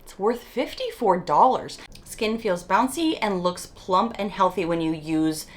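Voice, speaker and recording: A woman beauty vlogger in a chatty, excitable unboxing, reading product labels aloud, with her morning voice. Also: medium pitch, measured pace. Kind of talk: casual unboxing chat.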